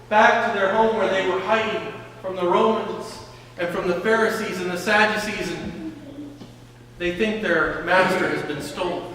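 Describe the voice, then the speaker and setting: A man preaching a sermon as pastor, slowly retelling a scripture story and often repeating words. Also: sits high, fairly bright tone. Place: church sanctuary. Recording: echoey church hall from a distance.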